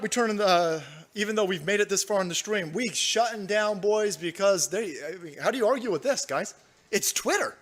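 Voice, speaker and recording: Brief: foul-mouthed, mocking male streamer reading chat, high voice. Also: a bit bright. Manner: profane, mocking, laughs often. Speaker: livestream host. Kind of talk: political commentary livestream.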